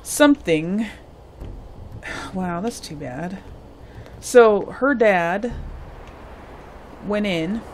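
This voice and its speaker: Slow, musing woman gaming host. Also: mid-range voice, creaky, background noise. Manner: thinks aloud, muttering asides. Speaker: let's play host. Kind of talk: gameplay commentary.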